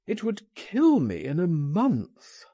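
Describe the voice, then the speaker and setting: A man's voice: sits high, huge pitch swings, slow pace, warm tone, no echo, lo-fi sound, pitched above the performer's own voice, heavily acted. A man voicing a frightened, despairing man who groans and pleads as if trapped. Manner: anguished, groaning.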